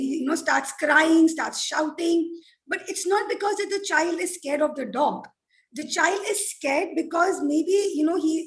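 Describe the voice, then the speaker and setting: Brief: woman mental health expert, high voice, earnest explainer on a panel. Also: poor audio. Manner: earnest, explanatory, frequent "you know" fillers.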